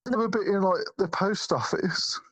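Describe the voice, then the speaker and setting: A man's voice: high-pitched, moderate pace, a bit bright, dry recording, rough recording. A man co-hosting a podcast, chatting casually about a film in a rambling way, full of restarts and swearing. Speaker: podcast co-host. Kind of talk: casual film review chat.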